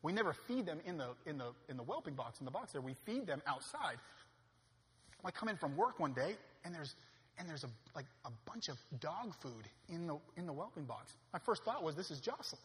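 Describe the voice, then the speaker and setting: A man in his thirties preaches a sermon in a church hall, his slightly high, bright, forceful voice trailing a long reverb. He swings between loud, drawn-out preaching peaks and quieter, conversational storytelling. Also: very animated. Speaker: pastor.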